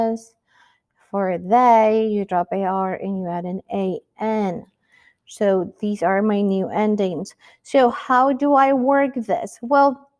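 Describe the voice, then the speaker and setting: A woman's voice: mid-range voice, darkish tone. A woman teaching a Spanish lesson, speaking patiently and asking the listener rhetorical questions. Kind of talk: recorded classroom lesson.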